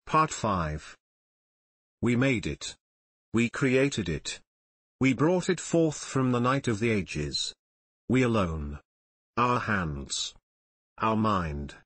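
A man narrating an audiobook in a measured, solemn reading voice. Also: mid-range voice, a bit bright, husky, no room sound. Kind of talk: scripted narration.

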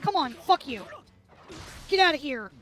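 A woman's voice: high-pitched, expressive, unhurried, a bit bright, faint music behind. A woman gamer doing let's play commentary, furious and swearing constantly at the game.

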